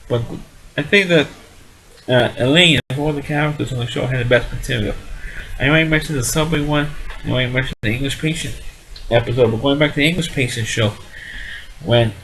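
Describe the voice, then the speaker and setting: A man's voice: mid-range voice, fairly bright tone, rough recording. A man giving a casual spoken review of an old sitcom, blunt and dismissive, rambling and often restarting his sentences.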